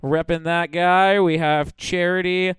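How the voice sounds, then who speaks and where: Clear-voiced excitable comedian, swearing freely. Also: male voice, high voice, measured pace, no echo, studio quality. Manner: excitable, profane, laughs while retelling sketches. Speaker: comedian podcast guest. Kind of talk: casual chat.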